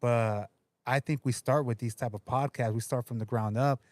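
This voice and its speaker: A man's voice: mid-range voice, fairly even intonation, moderate pace, darkish tone, no room sound. A man who organizes for a union, talking earnestly as a podcast guest.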